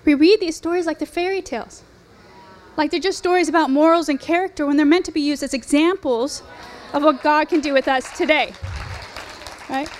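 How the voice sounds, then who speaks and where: A high-pitched woman in her forties preaches to a women's gathering. She talks in an earnest, conversational way, mixing in fillers and rhetorical questions as she shares her testimony. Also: a little fast, some chatter behind, slight background noise. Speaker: speaker at a women's ministry event. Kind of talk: sermon with personal testimony.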